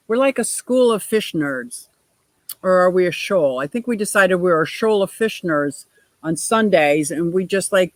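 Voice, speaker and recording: A woman's voice: mid-range voice, no room sound, natural voice, low-quality recording. A woman doing an impression of a chatty male fishkeeping friend as she hosts a casual live stream by her fish tank, cheerful and gushing. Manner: cheerful, gushing, quick to laugh.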